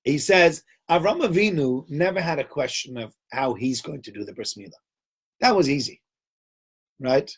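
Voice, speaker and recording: A man giving an informal Torah talk to a group, acting out the dialogue in his stories. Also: a little high. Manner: animated storyteller, acts out dialogue. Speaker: teacher.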